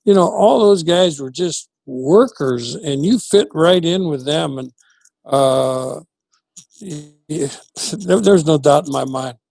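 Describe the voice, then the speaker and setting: Here a retired football coach, an older man, shares memories during an interview, his gravelly, somewhat high voice moving slowly. There's no echo. He brings his anecdotes to life by acting out what people said.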